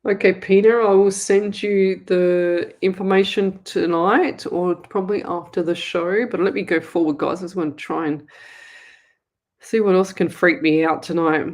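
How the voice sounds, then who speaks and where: Reading comments from viewers on her live psychic show, an Australian woman exclaims with excitement, laughs frequently and tosses in fond asides. She speaks at normal speed in a voice on the low side.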